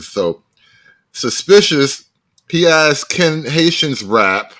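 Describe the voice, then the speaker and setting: A man's voice: on the high side, expressive, unhurried, pushed and bright. A man reacting live to a video for his stream, cracking profane, mocking jokes as he riffs.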